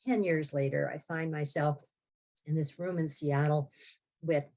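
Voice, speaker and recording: A woman's voice: deep voice, fairly even intonation, measured pace, warm tone. A woman in her sixties, a podcast guest telling her own story in a wry, blunt way with frequent laughs. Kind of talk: candid personal storytelling.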